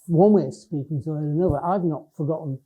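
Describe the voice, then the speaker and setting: A man's voice: on the high side, quick pace, breathy edge. An older man with a Cumbrian northern English accent giving a conversational public lecture, often restarting his sentences. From Lake District, England. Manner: conversational, with frequent restarts and hesitations. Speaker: education professor giving a talk. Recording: dull lo-fi lecture recording.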